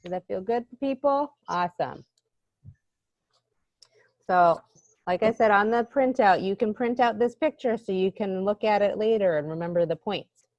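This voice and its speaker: A woman's voice: medium pitch, normal speed, pauses often, darkish tone, no room sound, highs cut off. A woman teaching children in a live online class, cheerful and encouraging, speaking straight to the kids. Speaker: EFT tapping instructor for children. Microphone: video call.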